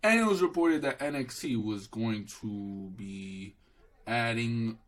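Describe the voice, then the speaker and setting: A man's voice: mid-range voice, slow, a bit bright, poor audio. A young man giving a casual solo wrestling show review, swearing and dismissive, rambling with restarts and calling the listener bro.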